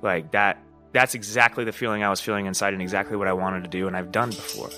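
A man's voice: fairly low pitch, fairly even intonation, fast, sharp tone, soft background music. A man hosting a podcast, talking through a personal story in a candid, profane, rambling way, often asking "you know what I mean?". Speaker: podcast host. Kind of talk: casual monologue.

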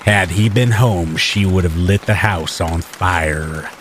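A man voicing a creepy older man who talks in a low, slow, matter-of-fact drawl, over steady rain. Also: a little hiss or hum. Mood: coldly calm.

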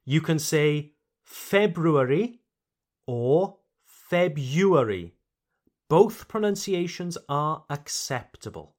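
A native English-speaking man hosts a podcast pronunciation lesson, talking slowly and carefully and repeating each word for his learners. His voice sits slightly high and swoops with lively, animated intonation. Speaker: English teacher and podcast host.

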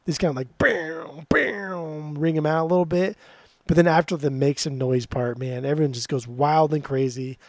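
A man co-hosting a casual music podcast, teasing his friend and getting excited, swearing freely. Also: a little high, fairly quick, no room sound, clean studio sound. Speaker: podcast co-host.

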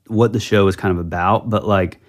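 Male podcast co-host, fairly low voice, relaxed rambling chat. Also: fairly quick. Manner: rambling, full of fillers and restarts. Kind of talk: casual chat.

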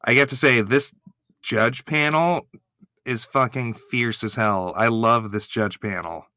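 A man giving excitable, gushing reaction commentary, swearing freely as he reacts. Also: mid-range voice, a little slow, dry recording, clean studio sound.

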